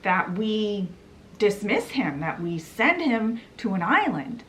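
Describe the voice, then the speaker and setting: A woman's voice: mid-range voice, big pitch swings, slow, fairly bright tone, a little hiss or hum. A woman voicing a pompous male boss who accuses a worker in front of everyone, in a theatrical, accusing way.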